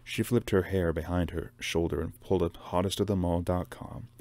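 A man narrates a novel aloud in a steady, measured reading. His voice sits very low. He reads as the host of his own book-reading series. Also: creaky, no room sound. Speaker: reader.

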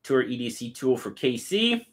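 A man hosting a live stream, cheerfully greeting and thanking viewers by name and reading their comments aloud in quick lists. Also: medium pitch, sing-song. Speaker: livestream host.

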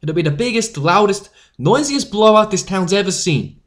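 A man's voice: high voice, expressive, moderate pace, a bit bright. A young man playing a rousing newsboy leader. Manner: rousing, eager. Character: confident teenage newsboy strike leader.

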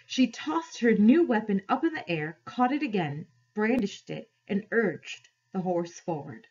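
A woman teacher reading a novel aloud to her class in an expressive, measured way. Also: mid-range voice, husky, highs cut off.

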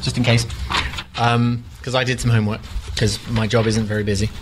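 A man's voice: medium pitch, little pitch movement, brisk, noisy background. Rambling British man co-hosting. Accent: British English. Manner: rambling, self-mocking. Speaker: co-host. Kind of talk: live comedy podcast banter. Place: live event room.

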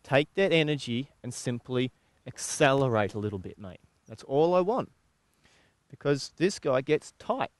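An Australian man with a mid-range voice talks through horse training exercises in a relaxed, chatty way. He pauses and restarts mid-sentence. The sound is dry and close, with no room echo. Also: medium pitch. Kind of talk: instructional video talk.

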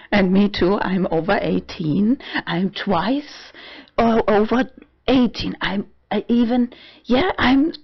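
A trans man in his forties talking casually in a vlog. He is halting and often breaks into laughter. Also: high voice, lively intonation, vocal fry, breathy edge, lo-fi sound. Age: 40s. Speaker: vlogger.

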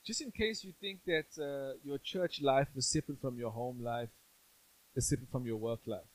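A man's voice: mid-range voice, moderate pace, low-quality recording. A male pastor giving a sermon in a church, conversational and playful, often asking the congregation questions.

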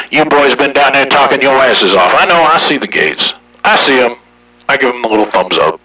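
A man talking casually over a CB radio, boastful and folksy, with a slow drawl. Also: fairly low pitch, bright, forceful tone, slightly rough, far from the mic, low-quality recording. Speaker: CB radio operator hosting the channel.

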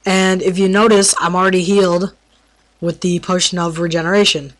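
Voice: mid-range voice, little pitch movement, a little fast, a bit bright. Stumbling, playful game tutorial narrator. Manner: stumbles over words while explaining; playful trash talk at mobs. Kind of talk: casual gameplay commentary.

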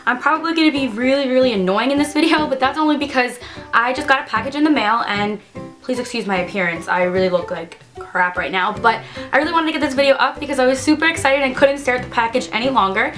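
Bubbly high-voiced young woman. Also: fast talker, fairly bright tone, faint music behind. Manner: bubbly, gushing and squealy. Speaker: beauty vlogger. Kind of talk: casual unboxing vlog.

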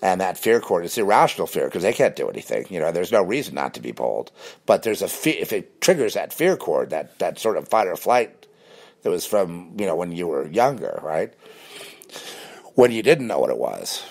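Rambling, animated low-voiced man. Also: normal speed, vocal fry. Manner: rambling and animated, with many restarts. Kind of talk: casual monologue to camera.

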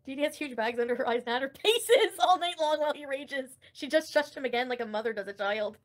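A woman's voice: high-pitched, lively intonation, fast, few pauses. A woman hosting a casual livestream and commenting on online drama, blunt and profane, with frequent laughter.

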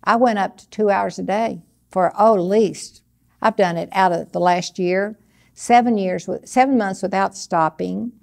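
An older woman giving a conversational sermon, teaching earnestly from personal experience in a steady, plain way. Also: mid-range voice, a little slow, gravelly. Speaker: Bible teacher.

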